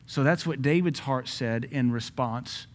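A middle-aged man, a pastor preaching a sermon in a lively way, acting out quoted voices and adding joking asides. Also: medium pitch, a little slow. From Southern US.

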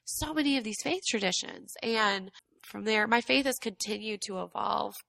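Here a young adult woman from Atlanta, guesting on a relaxed podcast chat, tells her story in a reflective, earnest way with many fillers while allergies crack her voice. Her pitch is medium, her speed normal, and her tone sharp with vocal fry. There's no room sound.

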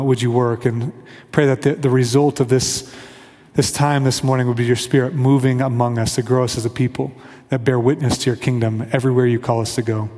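A man's voice: medium pitch, darkish tone, long reverb tail. A man from the Kansas City area, preaching a conversational sermon and leading prayer as pastor. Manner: earnest, conversational, acts out quoted voices. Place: church sanctuary.

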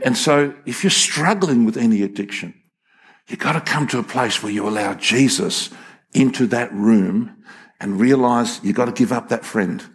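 A man's voice: medium pitch, husky. A man, preaching a sermon in a folksy, emphatic storytelling way with frequent restarts. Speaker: pastor.

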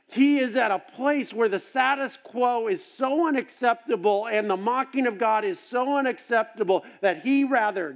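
A man with a high voice preaches a sermon. He tells the story with animated, acted-out asides. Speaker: pastor.

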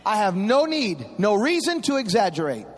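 A middle-aged man preaching a sermon in a church, impassioned and rising into sung shouts at the peaks. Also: sits high, sing-song, moderate pace. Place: church sanctuary. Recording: long reverb of a large church hall.

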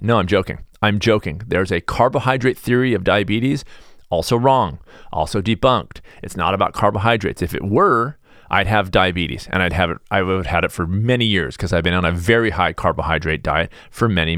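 A middle-aged American man hosting a podcast, talking in a blunt, sarcastic, animated monologue. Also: on the low side, dry recording, studio quality. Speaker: podcast host. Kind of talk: casual opinionated monologue.

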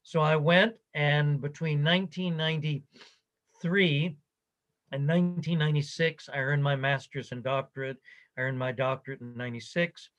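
An older man being interviewed tells the story of his career in conversation, speaking animatedly and quoting other people along the way. His voice sits a little high, and the recording is muffled.

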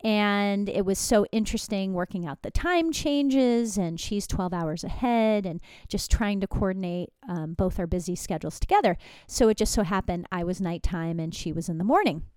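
A middle-aged woman from Southern California hosts her own podcast and tells a story in a chatty, animated way. Her voice is smooth and clear. The recording is close and dry on a desktop microphone. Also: mid-range voice, moderate pace, few pauses, no echo. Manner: chatty, animated, with asides and laughs. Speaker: podcast host. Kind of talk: casual storytelling monologue.

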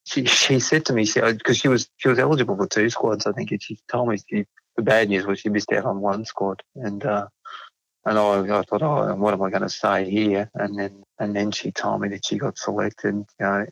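A middle-aged man, a proud father talking about his daughter's selection in a halting, emotional way. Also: fairly low pitch, flat delivery, creaky, fairly bright tone, no room sound, low-quality recording. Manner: halting, emotional, many restarts.

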